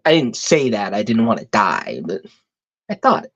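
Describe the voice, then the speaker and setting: A woman hosting a live stream, telling a story in a profane, exasperated, animated way. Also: extremely low pitch, moderate pace. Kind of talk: casual storytelling rant. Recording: dull lo-fi stream audio.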